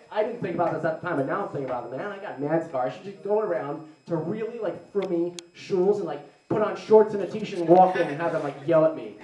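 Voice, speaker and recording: A man's voice: sits high, lively intonation, fast talker, hardly any pauses, mellow. A young adult man doing a live stand-up set, rambling and sarcastic with lots of "like"s. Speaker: stand-up comedian. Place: live comedy venue. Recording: roomy, mic heard from a distance.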